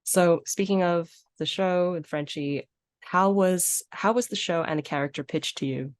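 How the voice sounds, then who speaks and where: A woman's voice: lowish voice, normal speed. A woman interviewer asking questions in a friendly, chatty way, with fillers and little laughs. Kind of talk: casual interview over video call.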